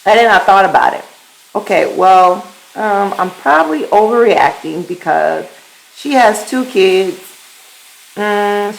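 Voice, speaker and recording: A woman with a lowish, gravelly voice hosts a podcast and tells a personal story. She keeps it casual and animated. She laughs often and leans on repeated words for emphasis. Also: rough recording. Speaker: podcast host.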